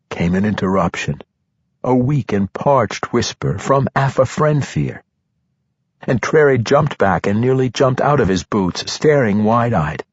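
A man narrating a fantasy audiobook in a steady, measured way. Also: medium pitch, slightly rough, no echo. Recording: dull lo-fi recording.

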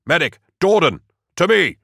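A man's voice: on the high side, big pitch swings, moderate pace, gravelly, a bit bright, dry recording, clean studio sound, voice pushed up, exaggerated voice. A man voicing a stern male commissar who bellows commands to his troops. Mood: bellowing commands.

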